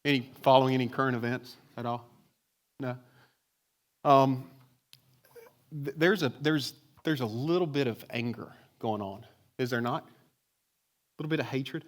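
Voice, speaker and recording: A man's voice: medium pitch, moderate pace, long pauses. A man preaching a sermon to a congregation, talking conversationally and asking many rhetorical questions. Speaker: pastor. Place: church with congregation.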